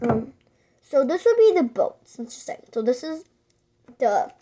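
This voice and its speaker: A woman with a very high, light voice tells a story to camera in loose, casual chat. She rambles with many fillers and restarts and sometimes drops to a near whisper. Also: very animated, a little slow, noisy background. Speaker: vlogger.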